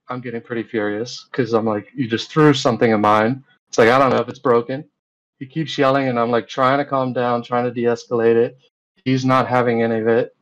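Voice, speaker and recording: A man's voice: medium pitch, low-quality recording. A man, a guest in an interview, recounting events in a rambling, casual way full of fillers and retold dialogue.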